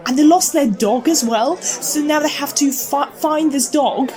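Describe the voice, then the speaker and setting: A woman's voice: sits high, measured pace, mellow, soft background music. A young woman playing a scatterbrained theatregoer in a comic sketch, rambling and tripping over her words. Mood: excited.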